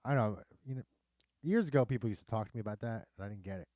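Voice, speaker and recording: American dude on a podcast, warm mellow voice, laid back, dry room sound. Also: male voice, lowish voice, rapid-fire, no echo. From United States. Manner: chatty, laughing, relaxed storytelling. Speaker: podcast co-host. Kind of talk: casual chat.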